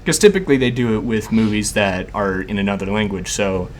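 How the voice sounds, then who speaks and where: A man's voice: lowish voice, animated, fairly quick, a little hiss or hum. A man hosting a podcast in casual chat, chatty, laughing often and filling with "like". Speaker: podcast host.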